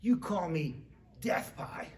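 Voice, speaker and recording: A man's voice: high-pitched, animated, slow, a little mellow. A man voicing an angry, defiant young daughter who rants indignantly. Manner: indignant and ranting.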